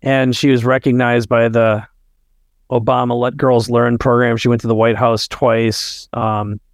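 A man's voice: mid-range voice, level tone, a little slow, no echo, clean studio sound. A middle-aged man, a guest entrepreneur on a podcast, telling a story in an earnest, heartfelt way and acting out the dialogue. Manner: earnest, heartfelt, tells stories with quoted dialogue. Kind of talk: conversational storytelling.

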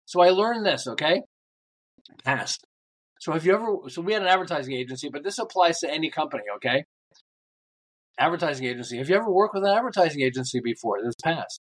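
Older male guest, lively storyteller, voices the people in his anecdotes, a bit higher than most men. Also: fast. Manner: animated storyteller acting out quoted lines. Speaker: guest, book author. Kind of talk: storytelling in a podcast interview.

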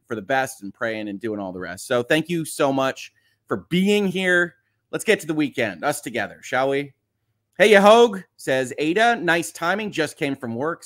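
A man's voice: mid-range voice, a bit bright. A man hosting a casual live stream, reading viewer comments in an upbeat, chatty way with frequent laughs. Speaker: livestream host and lawyer.

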